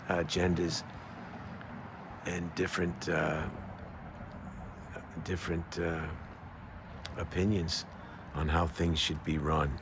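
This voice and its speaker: An older man talking in a casual, rambling monologue outdoors, halting often with fillers and restarts. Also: deep voice, slight background noise. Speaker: vlogger.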